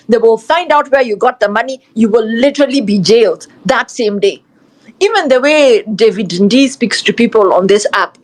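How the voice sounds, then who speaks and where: Woman, young, Kenyan accent, fervent, repeats herself, Swahili phrases, higher voice. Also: low-quality recording. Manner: passionate, repetitive, switches into Swahili. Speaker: participant in online discussion. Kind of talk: impassioned live audio discussion.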